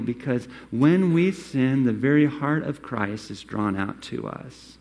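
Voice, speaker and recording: A man preaching a sermon, acting out quoted lines and swinging between loud, emphatic phrases and hushed ones. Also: medium pitch, expressive, measured pace, hardly any pauses. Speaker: pastor.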